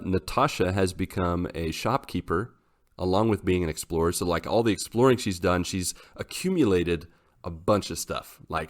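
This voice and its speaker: A man co-hosting a casual podcast, telling a long rambling story in a lively way. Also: deep voice. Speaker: podcast host.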